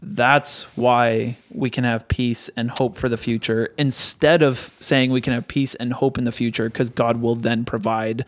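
A man's voice: medium pitch, level tone, unhurried, few pauses, no room sound. A man who preaches, co-hosting a podcast and reflecting aloud in hesitant, thoughtful casual chat. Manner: thoughtful, hesitant restarts, talks through ideas. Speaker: pastor and podcast co-host.

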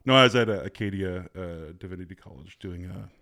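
A man's voice: low voice, fairly quick, sharp tone. A man chatting on a podcast who rambles through his stories and chuckles between phrases. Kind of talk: casual chat.

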